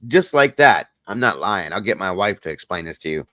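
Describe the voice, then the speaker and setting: A man's voice: low voice, big pitch swings, brisk, sharp tone, no room sound. A middle-aged man hosting a casual livestream chat, telling a personal story earnestly and talking straight to his viewers. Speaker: host.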